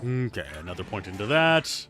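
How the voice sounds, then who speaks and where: A man's voice: lowish voice, very animated, brisk, music in the background. A man casually commentating while he plays a video game on a livestream, chatty and playful as he thinks aloud. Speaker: streamer playing a video game.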